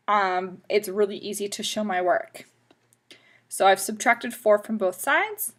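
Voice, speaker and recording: A woman's voice: medium pitch, a bit bright. A woman math teacher explaining equations step by step in a patient, instructive way. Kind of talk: classroom math lesson video.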